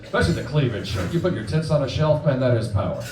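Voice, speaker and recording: A man in his forties doing a stand-up comedy set, crude and punchy, acting out quick voices. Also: medium pitch, expressive, noisy background. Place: comedy club stage before a live audience. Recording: roomy club sound from a distance, audience laughter.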